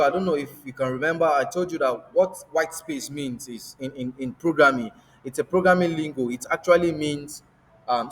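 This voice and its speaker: A man with a fairly high voice teaches a coding lesson, pausing to throw out rhetorical "what?" questions for the class to fill in. His voice rings with a long reverb, as if he is recording in a bare room. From Africa. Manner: repetitive, asks rhetorical "what?" prompts. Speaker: coding instructor. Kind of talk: screen-share coding lesson.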